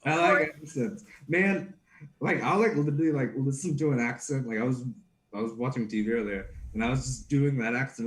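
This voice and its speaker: A man's voice: mid-range voice, a little fast. A young man, a guest actor, chatting casually and playfully on a live stream, giggling and dropping into silly accents.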